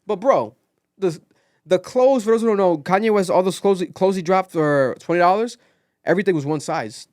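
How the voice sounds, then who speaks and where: A young man hosting a casual podcast, telling a story with lively acted-out quotes. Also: high-pitched, moderate pace, no room sound, studio quality. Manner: animated storytelling, acts out quotes. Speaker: podcast host.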